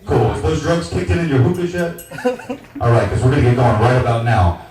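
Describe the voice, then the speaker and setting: Loud, brash forty-year-old male comic. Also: mid-range voice, expressive, a little fast, faint music behind. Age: 40s. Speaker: stand-up comedian. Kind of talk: stand-up comedy set. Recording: echoey venue miked from a distance.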